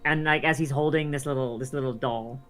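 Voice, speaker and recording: A man's voice: mid-range voice, fairly even intonation, brisk, pushed and bright, soft background music. A man narrating as dungeon master, talking loosely with many fillers and restarts. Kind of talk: narrating a tabletop game.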